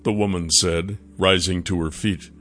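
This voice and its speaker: Calm male storybook narrator. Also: low-pitched, moderate pace.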